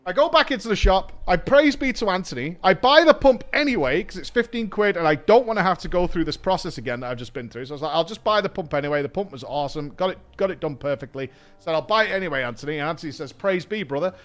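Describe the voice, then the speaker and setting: A man, a streamer host, telling a story in casual chat, swearing and imitating people he met. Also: sits high. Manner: animated, swearing, mimics people in his story. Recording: faint music underneath.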